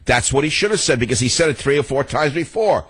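A man's voice: medium pitch, expressive, fast, a bit bright, slightly rough. An older man hosting a political talk radio show, ranting in a combative, sarcastic way.

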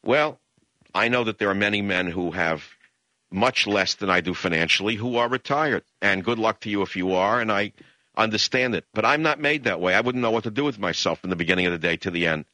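Forceful older New talk-radio ranter. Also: male voice, brisk, no echo. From the Bronx, New York. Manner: emphatic, ranting, swings into high mocking outbursts. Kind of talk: impassioned radio monologue.

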